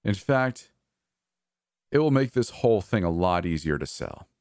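Man voicing a manic murderous brother, taunting, swinging pitch, dry close sound, story narration. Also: big pitch swings, a little slow, dry recording, heavily acted. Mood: cold taunting. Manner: taunting, mocking, erratic shifts into yelling. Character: manic, cruel adult brother, mocking and murderous.

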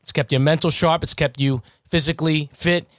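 A man's voice: fairly high pitch, fairly even intonation, brisk, dry recording. Appreciative man hosting a podcast. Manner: warm, appreciative, gives shout-outs. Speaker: podcast host. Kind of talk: podcast interview.

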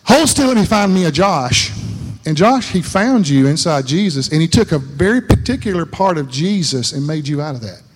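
Preacher guy, kinda high voice, stumbles and repeats himself, laughs, echoey church hall. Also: lively intonation, normal speed. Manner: rambling, repeats words, laughs at himself, acts out voices in stories. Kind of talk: folksy sermon with storytelling. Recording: long hall reverb.

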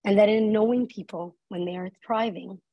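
A woman's voice: mid-range voice, fairly even intonation, moderate pace, no echo, dull audio. A woman speaking on workplace inclusion, telling a personal story in an earnest, conversational way, often saying "like" and "right?". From Canada. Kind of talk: live talk with a personal story.

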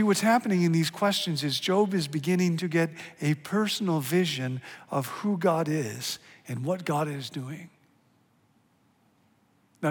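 A middle-aged man preaching a sermon as a pastor, animated and swinging from hushed to loud and emphatic. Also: fairly high pitch, breathy edge. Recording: long hall reverb.

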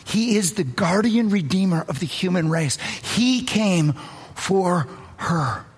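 Husky woman preaching, rises and falls a lot, earnest storyteller vibe. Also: fairly low pitch, expressive, slow pace. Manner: earnest, storytelling, swells and drops in emphasis. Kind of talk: sermon.

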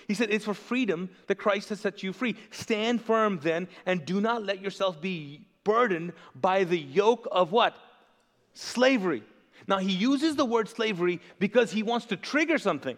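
A high-pitched man preaches a fervent sermon to his congregation. He stops again and again to have them call out the next word. His voice rings through a reverberant church hall. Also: normal speed, fairly bright tone. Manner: impassioned, asks the congregation to fill in words. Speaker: pastor. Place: church sanctuary.

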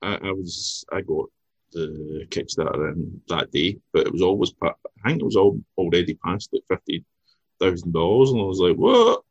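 Scottish male podcast host, low husky rasp, easygoing chatter. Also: moderate pace, no echo, dull audio. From Scotland. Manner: easygoing, chatty, repeats words when starting. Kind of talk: casual chat.

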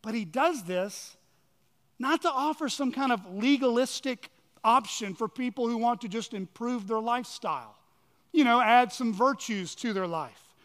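High-voiced male pastor in reverberant sanctuary. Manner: animated storytelling, swinging between quick asides and slow, hushed emphasis. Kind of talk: sermon. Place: church sanctuary. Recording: long hall reverb.

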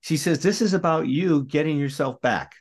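A man's voice: on the high side, moderate pace. A middle-aged man co-hosting a recovery podcast, telling a painful personal story in an earnest, emotional way.

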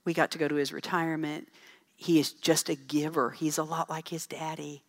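A middle-aged woman speaking to a church audience, telling folksy, animated stories with asides about parenting. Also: low-pitched, moderate pace. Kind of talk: storytelling talk to an audience.

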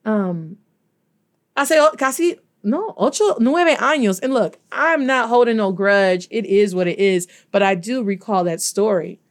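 A woman telling a personal story in a casual, animated way, acting out quoted voices and dropping in Spanish phrases. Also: mid-range voice, measured pace. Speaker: podcast host.

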